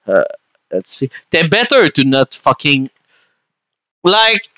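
A man's voice: fairly high pitch, sing-song, slow pace, sharp tone, dry recording, rough recording. A young man from Canada, chatting casually and swearing freely as he streams a game and answers his chat.

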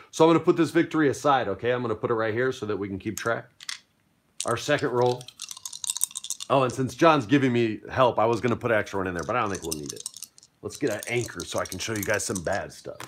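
A man's voice: mid-range voice, slight background noise. A man acting as game master, explaining dice rules and narrating a pirate fight in an upbeat, playful way.

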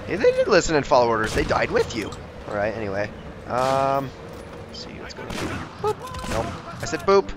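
A young man giving jokey, excitable commentary over a video game he is playing, often talking to the characters on screen. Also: medium pitch, a little fast, background noise. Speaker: gameplay commentator. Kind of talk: let's play commentary.

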